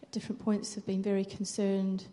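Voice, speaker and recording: A woman's voice: mid-range voice, monotone, fairly quick, mellow. A woman earnestly telling a personal testimony at church. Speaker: church member sharing testimony.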